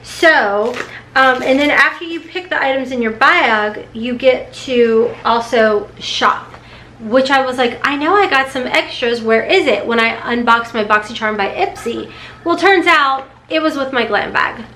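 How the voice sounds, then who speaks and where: A beauty vlogger from Kentucky, USA, chats casually to the camera during an unboxing, rambling and emotional, nervous and close to tears, talking in bursts with restarts. Her voice is high and sharp-toned at a measured pace, with a little hiss or hum.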